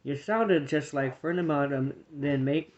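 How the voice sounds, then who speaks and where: A man voicing a steady male warrior squirrel who leads with calm, plain commands, reading a storybook aloud. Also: a little high, measured pace, dull audio, natural voice.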